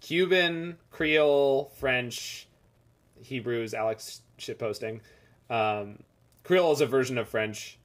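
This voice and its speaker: A man's voice: mid-range voice, slow pace. A man streaming a game, chatting casually and rambling as he reads the chat aloud. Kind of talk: casual live-stream chat over gameplay.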